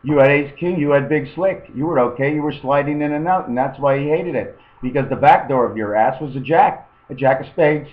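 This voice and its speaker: A man's voice: on the high side, brisk, hardly any pauses, echoey room, phone-quality sound. A man giving a meandering, free-associating webcam monologue, often tossing in "okay". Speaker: webcam vlogger. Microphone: webcam microphone.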